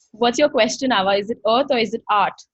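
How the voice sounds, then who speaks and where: Female facilitator, slightly husky, warmly effusive teacher on a muffled video call. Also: on the high side, normal speed, no echo. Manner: effusive, earnest, quotes dialogue animatedly. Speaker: workshop facilitator. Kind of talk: online workshop talk. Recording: dull dry video-call audio.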